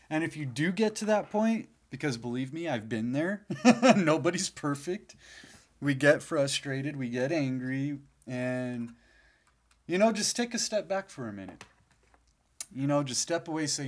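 A man's voice: mid-range voice, lively intonation, moderate pace. A man hosting his own podcast in a casual, rambling monologue, sleepy and yawning, swearing freely now and then. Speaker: podcast host.

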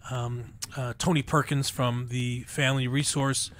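A man being interviewed as a ministry leader, telling stories in an animated, chatty way and laughing often. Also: medium pitch, unhurried. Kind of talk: radio interview storytelling.

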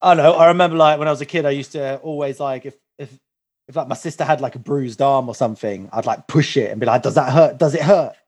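A man's voice: mid-range voice, steady tone, fast. A young man, co-hosting a casual podcast chat and telling a long story with many fillers. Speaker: podcast co-host.

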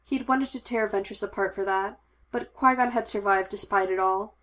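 A woman narrating a fan fiction audiobook. Her reading is measured and expressive. Her voice sits at a middle pitch.

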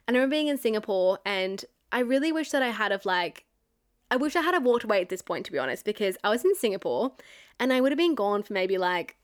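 A young woman telling a personal story to camera in a candid, chatty way, with lots of "like" and some swearing. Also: mid-range voice. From Australia. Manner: chatty and candid, heavy use of "like", frequent swearing. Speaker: vlogger. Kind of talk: storytime monologue.

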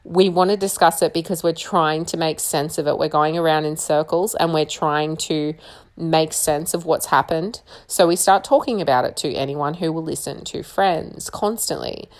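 A woman's voice: sits low, moderate pace. A young woman talking earnestly and encouragingly, giving personal advice in a conversational way. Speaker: single mother sharing advice. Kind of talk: personal advice talk to camera.

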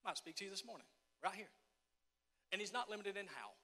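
Guy preaching in a church, high bright voice, big echoey hall, repeats stuff loud then goes quiet. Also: expressive, fairly quick. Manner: emphatic, repeats phrases, swings from shouting to hushed. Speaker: pastor. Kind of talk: sermon. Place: church sanctuary.

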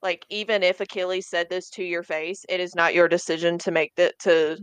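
A woman's voice: lowish voice, flat delivery, brisk, clear, resonant tone, no room sound. A young woman in a casual book chat, speaking earnestly and with emphasis. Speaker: podcast co-host.

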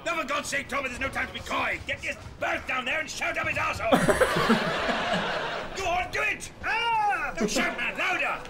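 A man playing a frantic, bossy ship surgeon who barks urgent orders, in a film clip with loud music. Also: very high voice, lively intonation, normal speed, very noisy. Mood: frantic, commanding.

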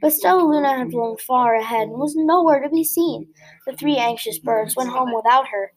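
A woman reading a children's picture book aloud in a gentle, expressive way, with small slips. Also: high-pitched, moderate pace, low-quality recording. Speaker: storybook reader.

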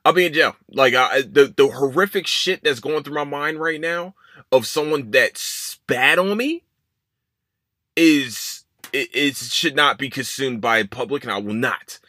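A man hosting a podcast, ranting heatedly and with plenty of profanity, swinging between loud outbursts and muttered asides. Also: mid-range voice, measured pace, dry recording, studio quality. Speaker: podcast host. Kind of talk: casual opinion rant.

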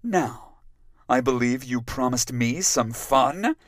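A man's voice: mid-range voice, expressive, takes it slowly, no room sound, clean studio sound. A man voicing a cruel, taunting evil fairy woman in an audiobook. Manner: sing-song mocking.

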